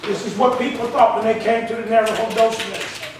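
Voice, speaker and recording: A man's voice: extremely high pitch, fairly even intonation, quick pace, background noise. A man preaching a sermon with call-and-response, emphatic and colloquial, heard in a church hall. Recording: roomy echo, from far off the mic.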